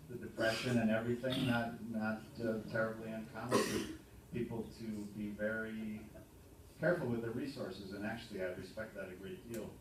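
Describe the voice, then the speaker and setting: A man in his fifties with a lowish voice tells dry, halting jokes with plenty of ums. He is heard from a distance in a very echoey hall. Room noise carries clearly behind him. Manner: halting, dry humorous storytelling with many ums. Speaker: son giving a birthday tribute. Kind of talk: speech to a party audience. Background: room ambience and audience laughter.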